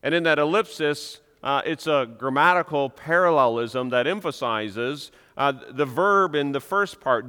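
A man's voice: fairly high pitch, animated, measured pace, few pauses, sharp tone, smooth. A man preaching a sermon as pastor, earnest and emphatic, with frequent repetitions. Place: church sanctuary. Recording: long reverb of a church hall.

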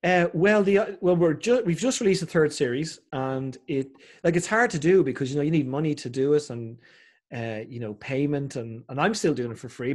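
An Irish man chatting casually as a podcast guest, telling stories and acting out the voices of people he quotes. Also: fairly high pitch. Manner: animated storyteller, acts out quoted voices. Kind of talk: casual chat.

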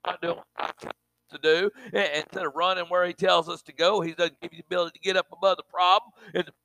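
A man's voice: sits high, fairly even intonation, quick pace, gravelly, pushed and bright, dry recording, rough recording. A man preaching a sermon with emphatic delivery, repeating words and dropping in frequent amens.

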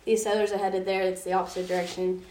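This young woman leads a youth Bible study, retelling a story in a chatty way packed with "like" and asides. Her medium-pitched voice is fast, level in tone and a little mellow, picked up from a distance in a room with noticeable echo.

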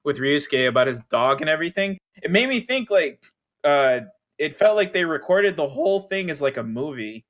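Casual male podcaster, slightly high voice, loose and profane, lots of "like" and "uh". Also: sing-song, moderate pace, a bit bright. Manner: rambling, profane, lots of fillers and restarts. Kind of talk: casual chat.

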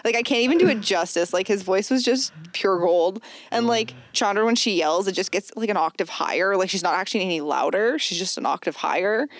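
A woman's voice: medium pitch, fairly quick, no echo, studio quality. Chatty young woman. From Canada. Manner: lively storyteller with many fillers. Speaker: podcast guest. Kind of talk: casual chat.

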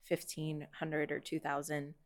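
A woman's voice: sits low, completely flat delivery, unhurried. A young woman guest on a casual faith podcast, chatty and emphatic, with frequent "like" fillers.

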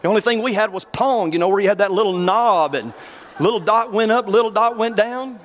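A pastor preaching a sermon in a folksy, conversational way and slowing down to read scripture. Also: male voice, sits high, a bit bright. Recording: long hall reverb.

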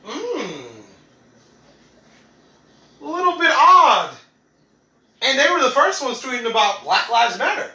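A man's voice: extremely high pitch, big pitch swings, slow, pauses often, sharp tone, echoey room, poor audio. A young man hosting a podcast, talking casually and animatedly, laughing often and acting out what others said. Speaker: podcast host.

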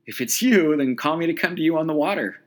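A man's voice: a little high, animated, unhurried, slightly rough, voice pushed up, heavily acted. A man voicing an impulsive male fisherman disciple who blurts out his lines. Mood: eager.

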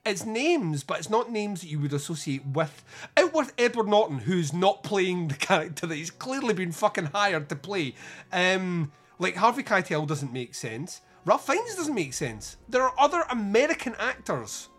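A man's voice: high-pitched, sing-song, normal speed, fairly bright tone. A man co-hosting a podcast, chatting casually about films, rambling and swearing with many restarts. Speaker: podcast co-host. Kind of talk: casual film review chat.

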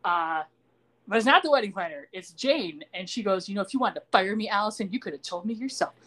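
With a mid-range voice and a quick pace, a woman podcast host chats through what happened in a TV episode. She narrates with animation and acts out the characters' lines as she quotes them.

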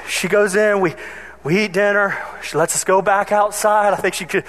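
A man preaching a sermon, telling funny stories from his childhood in an animated way. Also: high-pitched, moderate pace, a little hiss or hum. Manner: animated, humorous storyteller. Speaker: pastor. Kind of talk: sermon with personal storytelling.

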